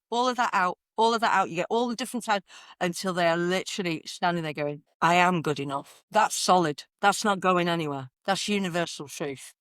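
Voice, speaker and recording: A woman, a confidence coach talking in an energetic, conversational way and repeating phrases for emphasis. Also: on the low side, no room sound, studio quality. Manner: animated, repeats phrases, sings affirmations in varied inflections. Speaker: confidence coach, podcast guest.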